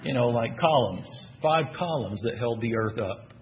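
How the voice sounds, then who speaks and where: A man with a Texan accent preaches a sermon, repeatedly asking the congregation questions and answering them with emphatic bursts in an animated style. His voice is medium-pitched at normal speed, with lo-fi sound and slight background noise.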